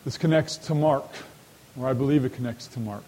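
A man's voice: mid-range voice, a little fast, warm tone, a little hiss or hum, rough recording. A man leading a sermon-style Bible study, who often asks his listeners rhetorical questions and speaks to them directly. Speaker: Bible teacher.

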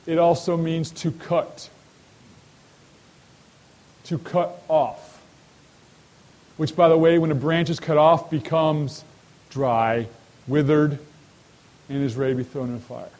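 A man with a slightly higher voice leads a Bible study in a sermon style. He keeps turning to his listeners with quick rhetorical questions. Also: fairly even intonation, darkish tone, rough recording. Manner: asks rhetorical questions and addresses listeners directly. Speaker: Bible teacher.

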